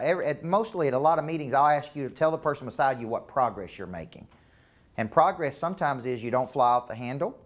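A middle-aged man with a drawl coaches a business team in a meeting room. He talks straight to the crowd and keeps checking in with short questions. His voice sits at an ordinary middle pitch. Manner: asks the room questions, repeats for emphasis. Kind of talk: live motivational talk to a team. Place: meeting room with a live audience.

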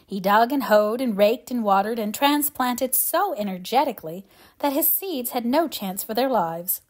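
Woman reading a classic novel aloud. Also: a little high. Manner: even, measured storytelling. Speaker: audiobook reader.

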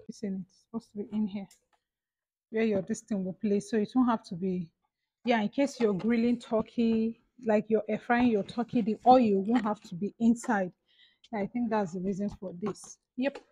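A woman's voice: mid-range voice, normal speed, husky, dry recording, poor audio. A young woman with a Nigerian accent, chatting casually and gushing over her purchases in an unboxing vlog. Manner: gushing, excitable. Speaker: vlogger.

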